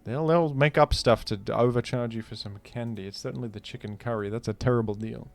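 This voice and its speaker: A man with a mid-range voice and some vocal fry hosts a gaming video, talking a little fast. His commentary while playing is casual and rambling, delivered with a joking, incredulous attitude.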